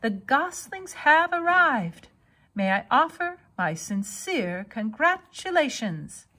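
A woman's voice: high voice, very animated, slow pace, pushed and bright, voice pushed up, heavily acted. A woman voicing a wise, gracious female spider who speaks formally.

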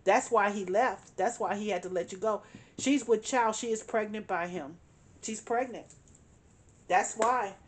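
In an unhurried tarot reading monologue, a woman with a mid-range voice addresses the listener directly, emphatic and repeating phrases as she reads the cards. A little hiss or hum sits in the recording.

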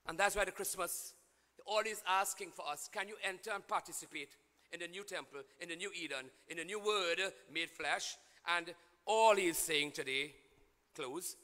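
Man, priest, sermon, bright ringing voice, call-and-response, long church reverb. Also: high voice. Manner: call-and-response preaching, swings from quiet to shouting.

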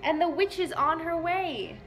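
A woman's voice: very high-pitched, unhurried, a bit bright, soft background music, pitched above the performer's own voice. A woman voicing a panicking unicorn in a storybook, flustered, with a raised voice. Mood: panicky.

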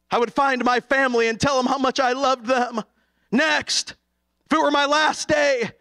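A middle-aged man preaching an impassioned sermon, going from hushed to shouting. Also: extremely high pitch. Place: college chapel.

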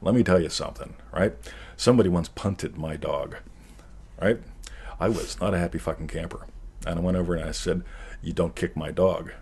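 Deep husky man joking through a talk. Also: fairly quick. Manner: animated, jokey, laughs often, acts out voices. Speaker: host. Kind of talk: casual chat answering questions.

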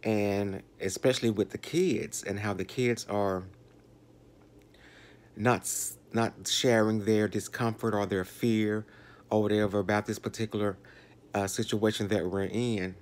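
A man in his sixties with a Southern US accent, talking slowly and reflectively to his channel viewers with many fillers and restarts. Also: on the low side, fairly even intonation. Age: 60s. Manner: slow, rambling, with fillers and restarts. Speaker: vlogger. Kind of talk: reflective talk to camera.

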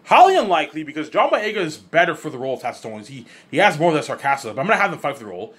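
A man talking casually and excitably in a rambling monologue, swearing freely and often stumbling and restarting his words. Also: a little high, rapid-fire. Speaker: vlogger.

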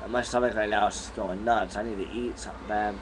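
Chewing gum as he chats, a young man talks fast in a low, steady voice during a relaxed bedroom vlog. His easygoing rambling is captured on a camera mic over a noisy background.

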